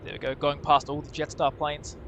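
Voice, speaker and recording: A man with an Australian accent giving relaxed live commentary on planes at an airport and chatting with viewers. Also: on the high side, a little fast, slight background noise. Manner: relaxed, chatty, thanks viewers, frequent uh fillers. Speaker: co-host of a plane-spotting livestream. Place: outdoors at an airport car park.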